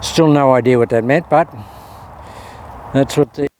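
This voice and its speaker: A man's voice: medium pitch, a little slow, darkish tone. A man talking to camera at an outdoor golf practice area, chatting casually and coaching himself between shots. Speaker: golf vlogger. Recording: faint outdoor noise.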